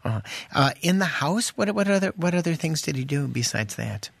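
A man's voice: on the high side, lively intonation, a little fast, vocal fry. A man who is a doctor answering callers on a radio show, chatty and joking as he gives plain practical advice. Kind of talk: casual radio advice talk.

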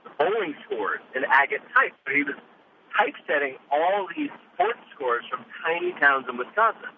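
Man, radio host, lively swooping voice, somewhat high, tinny phone line, faint hiss. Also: normal speed. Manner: lively and animated, jumping up in pitch. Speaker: radio quiz show host. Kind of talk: casual radio interview chat.

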